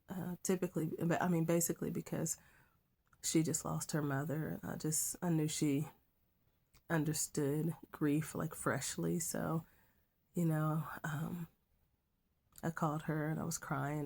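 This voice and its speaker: A middle-aged woman teacher sharing a personal faith testimony in a soft, halting way that drops to a whisper at times. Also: deep voice, vocal fry, slightly rough. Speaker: schoolteacher.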